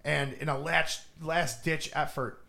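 A man's voice: on the high side, a little slow, creaky. A man on a podcast, casually recapping a movie plot, swearing a lot and laughing as he goes. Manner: animated, swears a lot, laughs while retelling. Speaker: podcast host.

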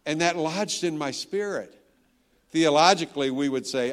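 Speaking at a normal pace in a fairly high voice, this man is a guest pastor in his sixties preaching a sermon. He spins stories, banters with the crowd, and hits the important lines hard.

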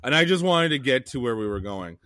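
A man's voice: mid-range voice, lively intonation, a little fast, bright, forceful tone. A man from Canada co-hosting a podcast, telling a travel story in a profane, ranting way. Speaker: podcast co-host. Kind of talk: casual chat.

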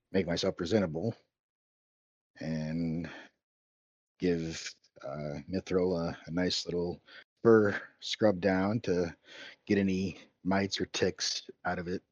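A man describing his character's actions as a player in a tabletop game, in a relaxed way. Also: low-pitched, dry recording, lo-fi sound.

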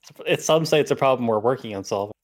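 A man's voice: mid-range voice, quick pace. A man co-hosting a casual podcast, contrarian and teasing. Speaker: podcast co-host. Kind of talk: casual chat.

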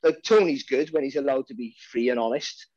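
A man with a Welsh accent, a boxing commentator, rambles casually in podcast chat, full of restarts and repeated words. He talks briskly in a mid-range voice with a darkish tone, recorded dry and lo-fi.

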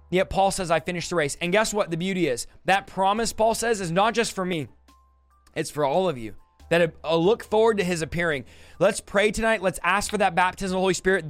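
Emotional high-voiced male preacher. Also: dry recording. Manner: emotional, exclaiming, near tears. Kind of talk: livestream Bible teaching and prayer.

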